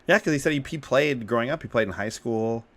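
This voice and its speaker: A man's voice: medium pitch, fast talker, a bit bright. A man from Canada co-hosting a podcast in casual chat, rambling with frequent laughs. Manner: rambling, laughs often, says like and you know. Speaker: podcast co-host.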